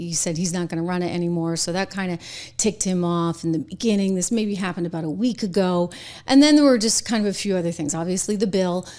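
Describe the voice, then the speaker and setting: Chatty woman host talking politics. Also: on the low side. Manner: chatty, animated, laughs between points. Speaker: political commentary show host. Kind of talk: casual political commentary.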